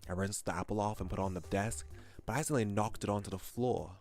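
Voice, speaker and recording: A man reads aloud the story of a young high-school guy's own misadventures. His natural, slightly low voice moves fast and lively, exclaiming at the gross parts, while quiet game music plays in the background.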